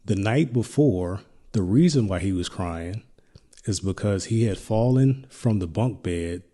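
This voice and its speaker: A middle-aged man hosting a podcast, telling a personal story in a reflective, halting way with many restarts. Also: on the low side, lively intonation, dark tone. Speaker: podcast host.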